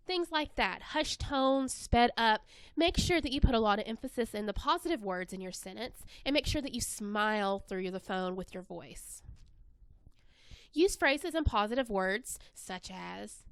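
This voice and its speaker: Smooth-voiced woman presenting a webinar. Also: a little high, animated, moderate pace, fairly bright tone, no echo. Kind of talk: scripted instructional narration.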